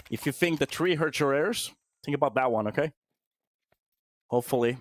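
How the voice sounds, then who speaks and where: A man with a Finnish accent and Finnish as his first language, casting a match play by play and chatting with viewers between rounds. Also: mid-range voice. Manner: chatty, answers the chat between plays; quickens and lifts on big plays. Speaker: esports caster. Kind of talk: play-by-play commentary.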